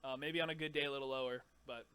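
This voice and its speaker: A man casually explaining his scream techniques, stopping mid-sentence to demonstrate growls and shouts. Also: medium pitch, steady tone, very fast, clear, resonant tone. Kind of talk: casual vocal tutorial.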